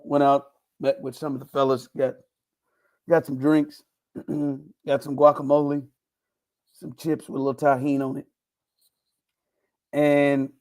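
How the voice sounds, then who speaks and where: A man hosting a casual sports podcast, telling stories with playful mock indignation. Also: fairly high pitch. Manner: animated storytelling, playful indignation. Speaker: podcast host.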